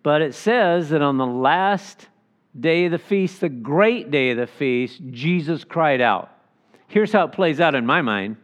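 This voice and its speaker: Man teaching scripture with a lively voice. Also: a little high, unhurried. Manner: reflective, stops to picture the scene aloud. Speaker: pastor. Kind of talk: expository Bible teaching.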